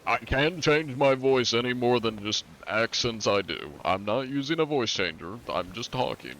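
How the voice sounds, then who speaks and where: A deep-voiced man chatting casually while live-streaming a game, laid-back and wry, swearing offhandedly. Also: animated, moderate pace, fairly bright tone.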